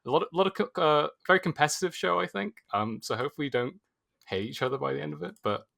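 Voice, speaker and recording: A man's voice: fairly high pitch, quick pace, vocal fry, bright, forceful tone. A man on a gaming podcast chatting casually, hesitant, with many fillers. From United Kingdom. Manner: hesitant, filler-heavy, laughs often. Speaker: podcast co-host.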